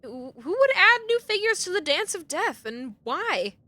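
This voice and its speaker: A woman's voice: very high-pitched, big pitch swings, measured pace, bright, forceful tone. A young woman streaming a game live, reading its text aloud and reacting with gasps, shrieks and lots of swearing.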